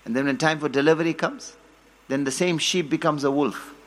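A man giving a sermon, telling stories, quoting Arabic, and building to forceful emphasis. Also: a little high, brisk, slight background noise. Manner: storytelling, quotes Arabic, rises to forceful emphasis. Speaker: preacher.

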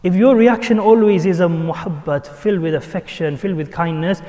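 A man's voice: high-pitched, a little fast, warm tone. A man giving an earnest sermon, repeating his points and mixing in Arabic and Urdu terms. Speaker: Islamic preacher. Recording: long hall reverb.

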